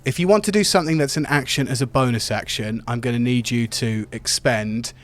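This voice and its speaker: A man's voice: mid-range voice, brisk. A man narrating as game master for a tabletop game, playful and teasing, describing scenes vividly.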